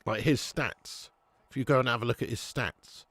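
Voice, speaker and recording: A man's voice: medium pitch, normal speed, a bit bright, no room sound. A man hosting a live football watch-along, chatting casually and swearing freely. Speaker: host.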